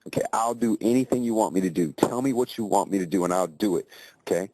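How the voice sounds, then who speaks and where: A worried young worker, as a man puts him on pleads to keep his job. The voice sits low and warm. It is a casually told story. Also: fast talker, dry recording, lightly acted, poor audio.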